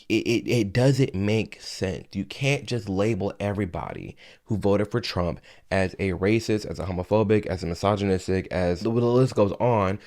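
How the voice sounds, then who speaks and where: A man's voice: fairly low pitch, darkish tone. Heated, argumentative man ranting to camera. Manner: heated, argumentative, rhetorical questions. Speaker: commentary vlogger. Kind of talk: opinion commentary reacting to clips.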